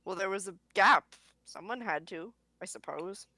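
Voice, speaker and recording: A woman's voice: medium pitch, expressive, moderate pace, bright, forceful tone, no echo. Dry, teasing woman at the game table. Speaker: player voicing a character. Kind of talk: in-character tabletop role-play.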